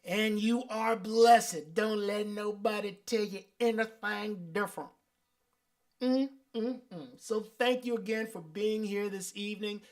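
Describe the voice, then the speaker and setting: A man's voice: high-pitched, steady tone, a little slow. Male host of a live music stream, affirming and chatty as he reads comments to viewers. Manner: sings and hums playfully. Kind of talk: livestream sign-off chat.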